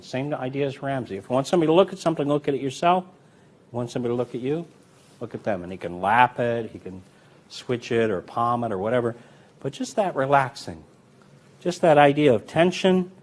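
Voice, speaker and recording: A man teaching card magic in a relaxed, chatty way, full of fillers and restarts while he demonstrates. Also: medium pitch. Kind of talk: demonstrating and explaining card technique.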